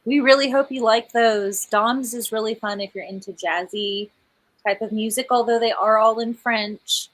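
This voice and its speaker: A woman's voice: fairly high pitch, fairly even intonation, normal speed, low-quality recording. A woman author hosting a live book premiere, chatting casually, laughing often and saying "y'all". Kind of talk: casual livestream chat.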